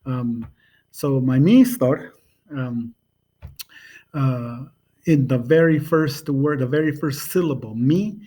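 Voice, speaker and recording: A man giving a casual language lesson to camera, slow and halting, with many ums, patiently repeating sounds. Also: mid-range voice, mellow, slightly rough. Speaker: language teacher. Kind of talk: casual home video lesson.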